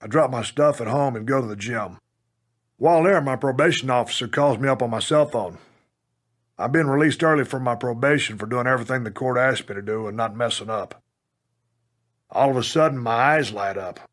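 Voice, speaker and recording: A man from Texas reads his own memoir aloud in a gruff, plainspoken manner, with the odd curse word mixed in. His voice sits in an ordinary middle range, and he tells the story straight, as in an audiobook. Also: medium pitch, a little fast. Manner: punches up quoted lines with loud bursts. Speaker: memoir narrator.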